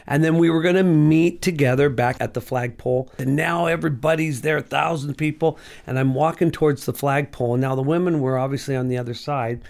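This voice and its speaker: Middle-aged male guest, earnest and emotional testimony, fairly high-pitched voice. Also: steady tone, fairly quick, vocal fry, few pauses, darkish tone. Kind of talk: personal testimony in an interview.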